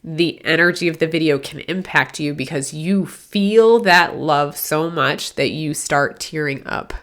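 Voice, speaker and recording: A woman with a low, grounded voice talks through a spiritual podcast as a medium. She rambles earnestly and stops to correct herself. She sounds teary, with a sniffly nose. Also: measured pace, fairly bright tone. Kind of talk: casual spiritual podcast talk.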